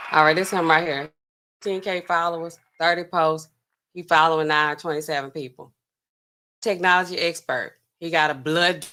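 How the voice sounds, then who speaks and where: With a mid-range voice that sounds pushed and bright, the livestreaming pharmacist chats sassily with her audience. She talks straight to chat and laughs in disbelief.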